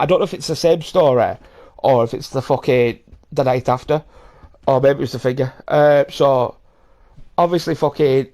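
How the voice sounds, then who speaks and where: On the high side with a darkish tone, a young adult podcast host's voice carries rambling, casual stories sprinkled with swearing, frequent laughter and impersonated voices.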